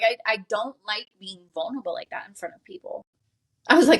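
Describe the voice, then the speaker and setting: A woman's voice: fairly high pitch, fairly quick, fairly bright tone. A young woman hosting a podcast, telling a personal story in a candid, confessional way with many fillers. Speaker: podcast host.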